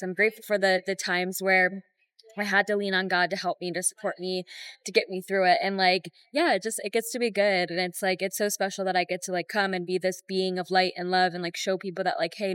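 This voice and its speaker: A young woman and breathwork coach talking in a casual, heartfelt travel vlog, full of "like" and gratitude. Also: mid-range voice. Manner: emotional, heartfelt, heavy use of "like".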